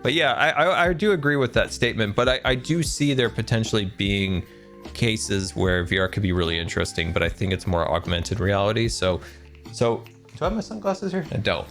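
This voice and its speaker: A rambling, chatty man streaming a game, his low voice swinging up and down in a lively way as he laughs along with viewers. Soft music plays underneath. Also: fairly quick. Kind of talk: casual live-stream chat while gaming.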